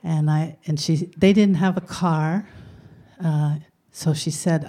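An older woman telling a personal story in a gentle, reflective way. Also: low-pitched, level tone, unhurried.

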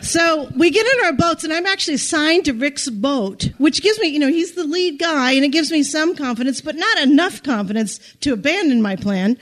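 A woman telling a personal story in an animated, self-deprecating way, often restarting her sentences. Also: sits high, moderate pace, hardly any pauses.

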